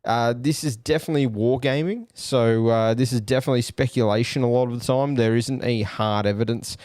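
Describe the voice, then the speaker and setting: An Australian man hosting a podcast, musing aloud in casual commentary with many pauses and fillers. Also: mid-range voice, fairly even intonation, darkish tone, no echo, clean studio sound. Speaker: podcast host.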